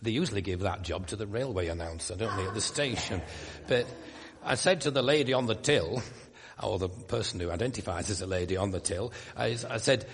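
A man's voice: fairly low pitch, brisk, big-room sound, a little hiss or hum. An older man from Yorkshire with a Yorkshire accent, preaching a sermon in a conversational way with wry asides and emphatic rises. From Yorkshire, England.

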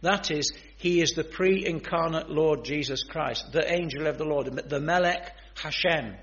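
A man's voice: fairly high pitch, measured pace, fairly bright tone. A man preaching a sermon in an earnest, emphatic way, speaking straight to his listeners. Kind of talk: sermon on biblical prophecy. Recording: dull lo-fi sermon recording.

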